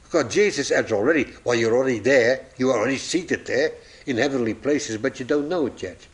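A man's voice: mid-range voice, fairly quick. A man preaching a sermon, telling illustrations and acting out the voices in his stories, chuckling at his own jokes.

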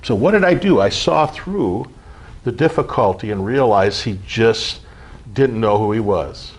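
Middle-aged man, husky voice, earnest informal preacher who keeps checking in with the group. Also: fairly low pitch, lively intonation, a little slow. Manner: earnest, repetitive, frequent "okay?" check-ins. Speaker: spiritual group leader. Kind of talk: informal spiritual teaching.

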